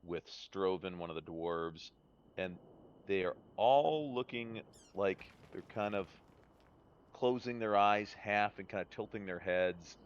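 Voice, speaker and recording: Low-voiced game master, halting. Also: male voice, clear, resonant tone. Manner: hesitant, many fillers and restarts. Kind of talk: narrating a tabletop game. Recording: dull lo-fi stream audio.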